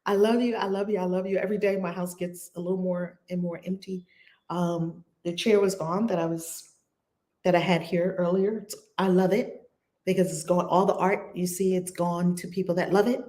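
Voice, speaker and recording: This reverend, speaking with a New York accent from home during a livestream, is effusive and relies on repeated affirmations, later shifting into a measured, chanting guided prayer. Her voice sits on the low side, steady and mellow.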